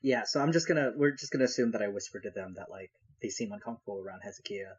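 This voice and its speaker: A man's voice: lowish voice, rapid-fire, slightly rough, highs cut off. Casual man playing a tabletop game. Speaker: player. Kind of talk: casual play.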